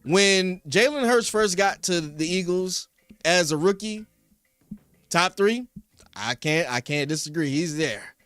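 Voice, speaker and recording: A young man from Philadelphia hosts a sports talk stream, rambling and answering his chat by name. His voice sits high and bright, with a forceful edge when he gets heated. It is recorded dry and close on a podcast mic, with faint music underneath. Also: expressive, a little slow, no echo. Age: young adult. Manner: rambling, reads chat names, rises to heated rants. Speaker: sports show host. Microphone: studio podcast mic.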